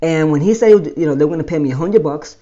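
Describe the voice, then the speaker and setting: A man casually telling his own life story as host, animated and explaining step by step. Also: a little high, quick pace, highs cut off. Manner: animated, explains with pointing and numbering.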